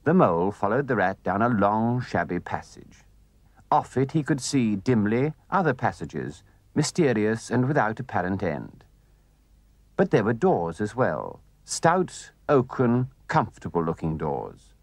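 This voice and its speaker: Expressive male storybook narrator. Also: on the low side, unhurried, no echo.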